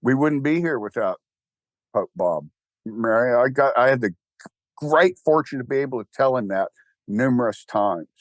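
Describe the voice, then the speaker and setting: An older man with a Texan accent, an interview guest talking casually in a rambling, animated and wry way. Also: mid-range voice, normal speed, dry recording. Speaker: interview guest, church founder.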